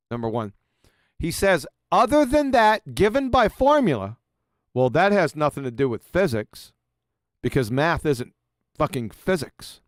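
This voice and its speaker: A man's voice: medium pitch, clear, resonant tone, dry recording, clean studio sound. A man giving a mocking, profane presentation over slides, sarcastically addressing an absent author as he goes. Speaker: video presenter.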